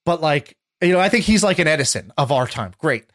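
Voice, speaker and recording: A man's voice: a little high, lively intonation, brisk, a bit bright. A young man telling stories in casual conversation, rambling with lots of filler words and restarts.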